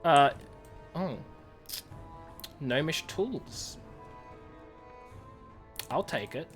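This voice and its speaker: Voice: medium pitch, expressive, very slow, faint music behind. A game streamer chatting casually while playing, joking and laughing often. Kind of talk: casual gameplay chat.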